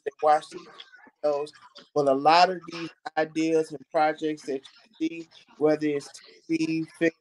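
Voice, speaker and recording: Animated high-voiced man chatting films. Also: slight background noise, poor audio. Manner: animated, repeats phrases for emphasis. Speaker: podcast host. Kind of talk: casual film discussion.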